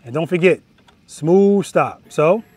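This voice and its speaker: A man teaching slow-speed motorcycle skills outdoors, coaching directly and repeating key words for emphasis. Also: a little high, lively intonation, background noise. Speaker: motorcycle riding instructor. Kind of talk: outdoor riding lesson instruction. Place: outdoor practice lot.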